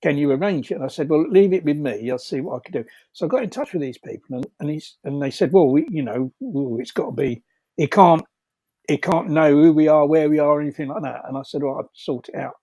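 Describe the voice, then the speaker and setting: A man's voice: on the high side, fairly quick, warm tone, no room sound. A man telling rambling anecdotes over a video call, laughing often, with many fillers and restarts. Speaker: storyteller guest.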